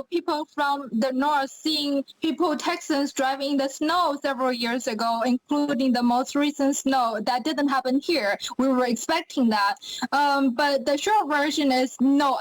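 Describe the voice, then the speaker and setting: A woman's voice: sits high, no echo, poor audio. A young woman from China with a Chinese accent, a pageant winner chatting upbeat on a podcast with many fillers. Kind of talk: podcast interview.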